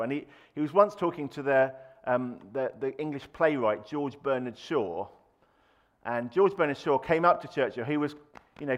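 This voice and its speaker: A man's voice: mid-range voice, highs cut off. A man preaching a sermon in a conversational way, with fillers and restarts, raising his voice to act out quoted lines. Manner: acts out quoted speech with raised voice.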